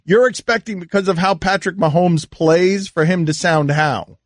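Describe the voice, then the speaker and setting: A man hosting a sports radio show, teasing his producer with incredulous questions and halting restarts. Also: high-pitched, no room sound, studio quality.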